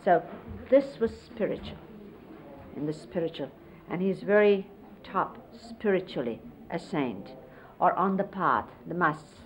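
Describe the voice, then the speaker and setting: A middle-aged woman casually reminiscing, explaining hand gestures in an unhurried, conversational way and often quoting others. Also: lowish voice, lively intonation. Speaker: interviewee recalling life with a spiritual teacher. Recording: lo-fi 1970s videotape, faint hiss.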